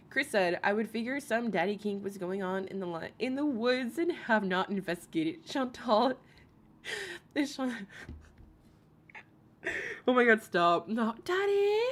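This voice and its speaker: A woman's voice: mid-range voice, fairly bright tone. A woman hosting a casual commentary live stream, swearing freely, laughing often and reading viewers' comments aloud. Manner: profane, laughing, reads chat aloud.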